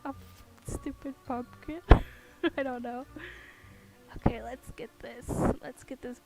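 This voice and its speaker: A woman's voice: sits high, fairly even intonation, slow, gravelly, over loud music. A young woman chatting casually at her home desk while she carves pumpkins. She rambles and giggles, with lots of fillers. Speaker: streamer.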